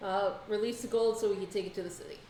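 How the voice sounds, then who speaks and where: A woman's voice: mid-range voice, fairly even intonation, fast talker, mellow, slight background noise. Woman player, casual and giggly, roomy sound. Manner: laughing, short replies. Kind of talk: casual table talk. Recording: echoey room.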